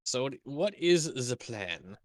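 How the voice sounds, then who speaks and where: A man narrating as game master in a tabletop role-playing game, halting and correcting himself often. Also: medium pitch, sing-song, slight background noise. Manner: halting, full of ums and self-corrections.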